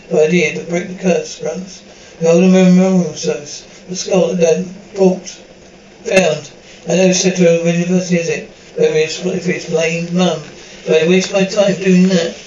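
A man's voice: high voice, darkish tone, reverberant, lo-fi sound, a little hiss or hum. A man performing a horror audio drama, dramatically switching between the characters' voices.

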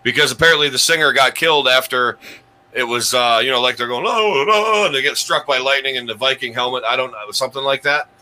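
Bright, chuckling comedy show host man. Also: mid-range voice, steady tone, fast talker, rough recording. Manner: rambling, chuckling, many restarts. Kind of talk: comedic countdown show banter.

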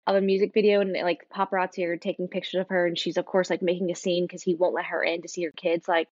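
A woman's voice: on the low side, fast, no echo. A young woman guest chatting animatedly, filling her talk with "like". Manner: animated, heavy use of "like". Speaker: guest co-host. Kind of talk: casual chat. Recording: dull lo-fi sound.

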